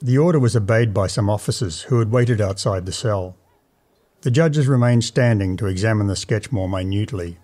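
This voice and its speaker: A man reading a classic tale aloud in a measured, dramatic first-person narration. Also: on the low side, warm tone. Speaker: audiobook narrator.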